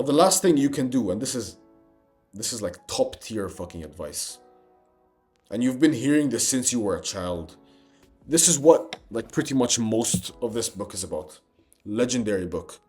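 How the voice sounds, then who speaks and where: A man's voice: lowish voice, a little mellow. A young man giving a motivational self-improvement monologue, intense and emphatic, swearing and calling the listener bro.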